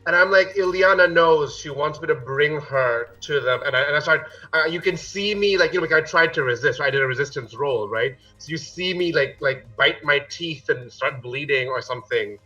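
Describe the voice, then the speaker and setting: A man playing a tabletop game, excitable and full of eager questions. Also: fairly high pitch, a little fast, hardly any pauses, distant mic, highs cut off. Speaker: player. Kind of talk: casual tabletop play.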